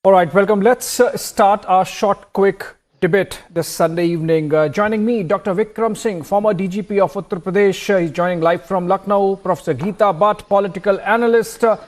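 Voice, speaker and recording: A man's voice: high-pitched, fairly quick. A man moderating a live TV news debate, pressing guests with pointed questions and cutting in. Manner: pressing, interrupting, rhetorical questions.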